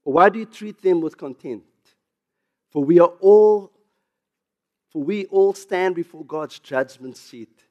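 A South African pastor preaching a sermon, getting louder and higher on emphasis, with chuckles and asides. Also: male voice, lively intonation, moderate pace, muffled recording.

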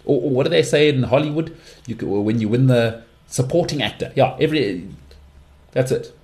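A man with an English accent hosting his own podcast alone, giving strong opinions and often leaping into high-pitched mocking outbursts. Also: moderate pace, a little mellow. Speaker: podcast host. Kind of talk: solo podcast monologue.

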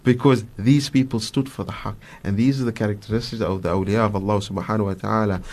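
A guest Islamic scholar with a South African accent tells religious stories on the radio from a studio. His voice is lowish and fast, and he's animated, acting out quotes with lots of fillers.

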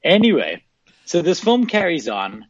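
A man's voice: on the high side, unhurried, breathy edge. Man telling a story down a dull phone line. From South Africa. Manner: animated, laughing anecdotes with acted-out quotes. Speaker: phone-in guest. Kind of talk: casual storytelling.

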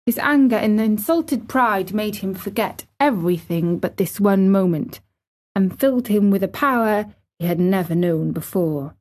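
Give me a woman narrating an audiobook at an unhurried pace. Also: mid-range voice, darkish tone. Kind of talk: audiobook reading.

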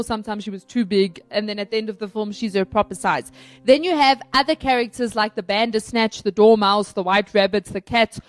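A woman's voice: fairly high pitch, dry recording. Chatty enthusiastic woman reviewing films. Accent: South African. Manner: enthusiastic, chatty, many fillers and restarts. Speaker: film reviewer, co-host. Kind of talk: casual film review chat.

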